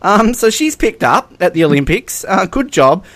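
A man co-hosting a casual comedic podcast, animated and prone to laughing. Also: sits high, moderate pace. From Australia. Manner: animated and giggly, often breaks into laughter. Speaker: podcast co-host.

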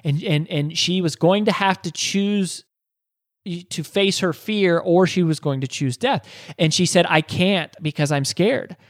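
A man's voice: high voice, unhurried, no room sound, studio quality. A man hosting a podcast, telling a motivational story with repeated phrases and rhetorical questions. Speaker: podcast host.

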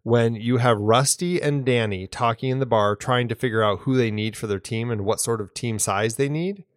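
Here a male podcast co-host gets excited about a film in casual chat, repeatedly starting his sentences over. His pitch is medium and his pace moderate, in clean studio sound without any room sound.

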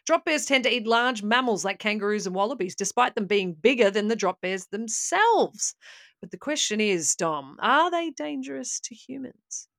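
A woman's voice: fairly high pitch, lively intonation, normal speed, fairly bright tone, dry recording. Dry-sounding Australian woman spinning a tall tale. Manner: mock-serious, tongue-in-cheek delivery. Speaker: podcast co-host. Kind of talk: comic podcast storytelling.

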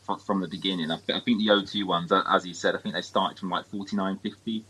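A man co-hosting a casual football podcast, talking in a rushed way and restarting his sentences often. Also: low-pitched, fairly even intonation, sharp tone, slight background noise. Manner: rushed, stumbling, many restarts. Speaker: podcast co-host. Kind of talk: casual chat.

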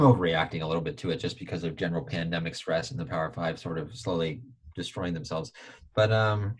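A young man co-hosting a sports podcast, chatting casually with heated opinions and leaping up in pitch to stress his points. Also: fast, breathy edge, poor audio. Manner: animated, heated opinions with frequent filler "like". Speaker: podcast co-host.

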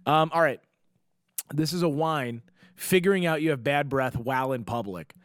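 A man hosting a casual podcast, talking in a rambling, jokey way with quick asides. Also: on the high side, no echo, studio quality. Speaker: podcast host.

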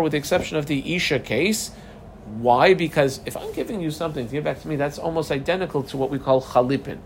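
Lively, chatty man teaching Talmud. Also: a little high, a little hiss or hum. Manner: lively, conversational, mixing Hebrew terms with casual English. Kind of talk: daily Talmud lesson.

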